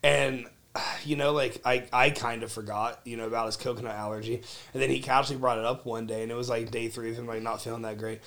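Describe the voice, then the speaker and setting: A man hosting a podcast, opening loudly and energetically, then trading jokes in casual chat with his co-host. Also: mid-range voice, flat delivery, fast talker, gravelly. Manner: hyped, loud show intro then joking banter.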